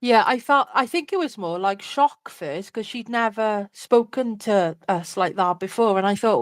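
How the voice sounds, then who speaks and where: A woman's voice: medium pitch, normal speed, few pauses, no room sound. A woman, an interview guest candidly recounting a personal story in a chatty way, full of "like" and "you know".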